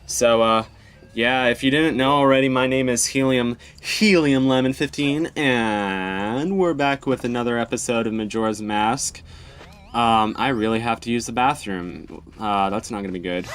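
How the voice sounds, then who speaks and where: A man's voice: mid-range voice, normal speed, fairly bright tone, smooth. A young man hosting a let's play, rambling in casual gameplay commentary with plenty of ums and self-deprecating asides. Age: young adult.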